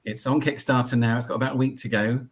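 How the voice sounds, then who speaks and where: A man's voice: mid-range voice, steady tone, fast talker, husky. A man, a guest author on a live stream, explaining his project in a plain, matter-of-fact way. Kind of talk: casual live-stream chat.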